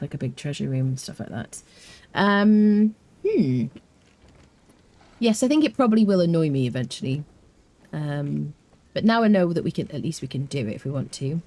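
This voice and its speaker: A woman's voice: sits low, mellow. A British woman streaming a game live, chatting casually, rambling with fillers and answering her chat. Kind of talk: casual live gameplay commentary.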